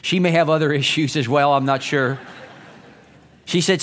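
A man preaching a church sermon in a high, light voice. He reads scripture and quotes with emphatic rises, then drops to quiet, low lines for weight. His delivery swings between urgent and hushed. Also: moderate pace. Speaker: pastor.

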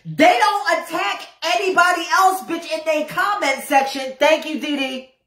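A brash woman livestreams an unscripted rant in a high voice, drawing out her words at an unhurried pace. She swears freely and keeps hammering the same phrases for emphasis. The sound carries an echoey room around her. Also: fairly bright tone. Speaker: live streamer.

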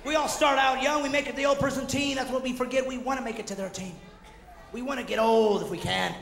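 A man doing a high-energy stand-up comedy routine, ranting and jumping into shouted asides and mock voices. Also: fairly even intonation, fast, gravelly. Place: theater stage before a live audience. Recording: echoey hall, noisy 1990s concert recording.

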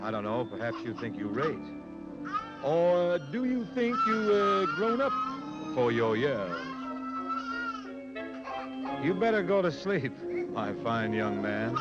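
An actor playing a good-natured young cab driver with a relaxed, teasing, coaxing way of talking. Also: male voice, fairly high pitch. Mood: crooning. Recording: dull old film soundtrack with music.

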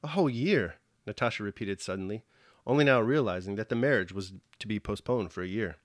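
A man reading a classic novel aloud in a steady, unhurried audiobook narration. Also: lowish voice, no echo, clean studio sound. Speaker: reader.

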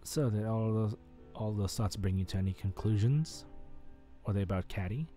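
A man voicing a composed, patient young woman while reading a visual novel aloud, with a calm, slightly dry delivery. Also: lowish voice, moderate pace, faint music behind, pitched above the performer's own voice, close to an everyday voice.

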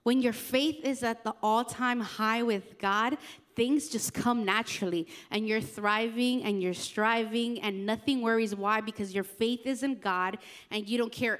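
Lively young woman youth pastor, chatty sermon. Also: fairly high pitch, unhurried. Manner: chatty and animated, with slangy asides.

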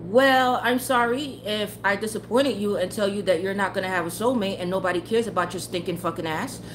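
This tarot livestreamer talks briskly in a mid-range voice over slight background noise. Casual with her live chat, she rants bluntly and heatedly, swearing freely and often laughing.

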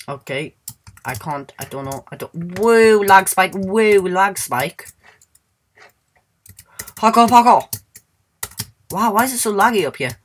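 A man's voice: on the high side, a bit bright. A man giving casual let's-play commentary in a goofy, rambling way, humming and singing to himself and squealing now and then.

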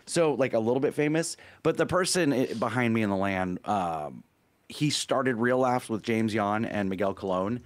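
A man hosting a podcast, telling stories in a rambling, animated way with many restarts. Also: lowish voice, normal speed, no room sound. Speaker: podcast host. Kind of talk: casual podcast chat.

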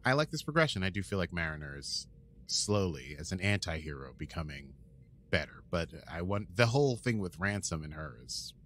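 A podcast co-host in casual chat, jokey and quick to laugh. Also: low voice, a little hiss or hum. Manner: animated, jokey, laughs often.

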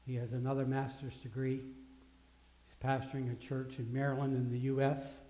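A man preaching a sermon as pastor, earnest, swinging between loud rises and hushed drops. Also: mid-range voice, little pitch movement, normal speed. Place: church sanctuary. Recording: echoey church hall.

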